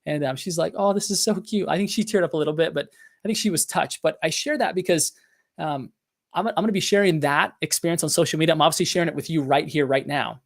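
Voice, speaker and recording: A man's voice: on the high side, fast talker, vocal fry. A middle-aged man hosting a business podcast, talking in an earnest, confessional way with many fillers and restarts. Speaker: podcast host. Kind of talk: motivational business talk.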